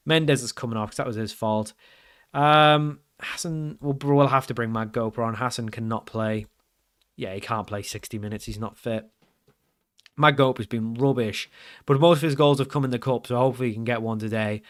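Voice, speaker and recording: A man giving live commentary over his own football management game, frustrated and grumbling, then suddenly loud. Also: medium pitch, moderate pace. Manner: excitable, swings from frustrated grumbling to loud outbursts. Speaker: gaming commentator.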